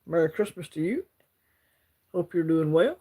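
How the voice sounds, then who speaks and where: A man's voice: on the high side, expressive, normal speed, warm tone. A man with an Alabama Southern accent hosting a casual livestream, chatting in a laid-back, rambling way and greeting viewers by name. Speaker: livestream host.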